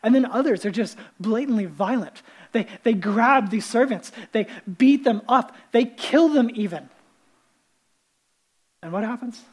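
A man preaching a sermon in a casual, animated way, with many fillers and restarts. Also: extremely high pitch, a little slow, husky, poor audio. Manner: animated storytelling, acting out the characters' lines. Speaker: pastor.

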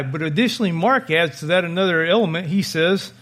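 Male preacher, higher-pitched, vivid storyteller in the pulpit. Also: brisk, a bit bright. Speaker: pastor. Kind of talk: sermon.

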